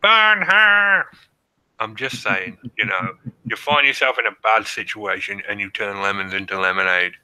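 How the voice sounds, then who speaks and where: A man's voice: lowish voice, steady tone, normal speed, bright, forceful tone, clean tone, no room sound, low-quality recording. A man co-hosting a podcast, reading out history notes and joking between the facts. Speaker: podcast co-host presenting research. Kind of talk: casual chat reading notes.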